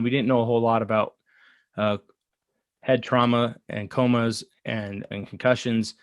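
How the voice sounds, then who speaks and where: An earnest man in his thirties recounts a personal story, pausing and restarting often. His voice sits mid-range, and the recording is dry with no room sound. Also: medium pitch, fairly even intonation, no room sound. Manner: earnest, halting with fillers and restarts. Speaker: guest. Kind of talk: casual storytelling.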